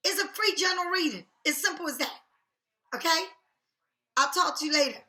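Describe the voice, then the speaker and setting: A woman's voice: very high-pitched, fairly quick, very noisy. A woman tarot reader talking straight to her viewers in a blunt, heated, profane rant. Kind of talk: casual direct-to-camera rant. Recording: echoey room.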